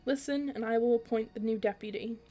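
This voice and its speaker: A woman reading aloud as a weary older female cat who leads a clan, speaking in a solemn, rasping way, with little change in her tone. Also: on the high side, fairly even intonation, fairly quick, mellow, faint music behind, close to an everyday voice. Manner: solemn, formal.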